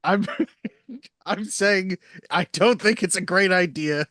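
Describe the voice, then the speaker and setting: A man's voice: high-pitched, slow, sharp tone, no room sound. Man, podcast co-host, dry teasing humor, laughs a lot, dry recording. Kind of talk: casual chat.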